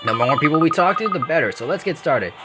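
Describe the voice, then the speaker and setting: A man's voice: fairly high pitch, animated, quick pace, noisy background, lightly acted. Young female detective, polite and matter-of-fact; man reading plainly.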